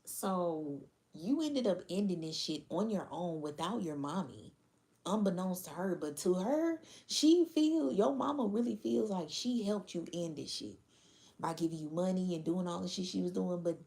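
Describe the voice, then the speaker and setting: A woman's voice: lowish voice, animated, moderate pace, gravelly, warm tone. Profane, laughing woman tarot reader. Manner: blunt, profane, laughing, slangy. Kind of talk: casual tarot reading to viewers.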